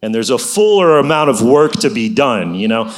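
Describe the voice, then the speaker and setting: At a normal pace and a mid-range pitch that swings widely, a middle-aged man tells of his faith in a preaching, conversational manner. He exhorts those listening, repeatedly adding "you know."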